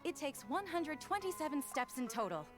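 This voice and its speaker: A polite, earnest young helper, speaking fairly high with a lively tone. Her delivery is courteous and attentive. Faint game music plays behind her. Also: normal speed.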